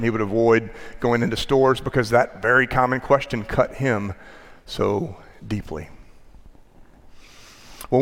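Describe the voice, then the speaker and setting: Guy preaching a sermon, slow storytelling pauses, big church reverb. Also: medium pitch. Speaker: pastor. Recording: long hall reverb.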